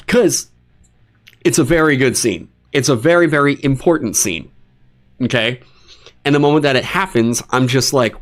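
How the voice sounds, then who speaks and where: A man hosting a livestream, talking casually and swearing in exasperated, animated rants. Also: mid-range voice, a little fast. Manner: animated, profane ranting with exasperated asides. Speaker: streamer hosting a dungeon design stream.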